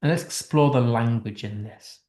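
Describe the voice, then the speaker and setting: This British man gives a casual online English literature class, explaining a text line by line in a chatty manner full of restarts. His mid-range voice is slightly mellow and moves at normal speed, with an echoey room around him.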